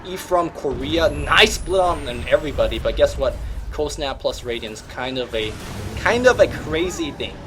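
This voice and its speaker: A man hosting a gaming show, commentating replays in an energetic, joking, slangy way. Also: a little high, normal speed, noisy background. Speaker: host and caster.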